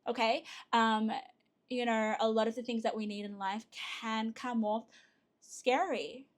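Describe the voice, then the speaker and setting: A woman giving a pick-a-card tarot reading to her viewers, chatty and excitable, with frequent fillers and restarts. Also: a little high, measured pace. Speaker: tarot reader.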